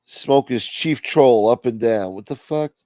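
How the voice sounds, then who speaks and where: A man's voice: mid-range voice, measured pace, dark tone, dry recording. A man hosting a late-night livestream, brash and profane as he talks straight to his chat at home. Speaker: livestream host. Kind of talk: casual chat. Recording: dull lo-fi stream audio.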